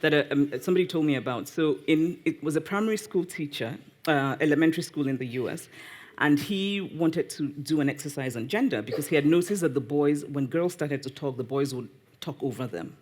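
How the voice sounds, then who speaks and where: A woman from Nigeria with a Nigerian accent, answering audience questions at a live public talk in an animated, teasing way and often correcting herself mid-sentence. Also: deep voice, brisk. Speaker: guest author. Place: live event before an audience.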